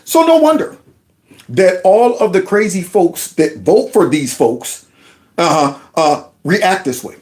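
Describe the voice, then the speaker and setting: A man reacting to clips on his channel, indignant and stumbling through repeated words. His voice sits high and swings widely as he talks. He sounds worked up about what he has just heard. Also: big pitch swings, unhurried, darkish tone. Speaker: commentary host. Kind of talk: reaction commentary.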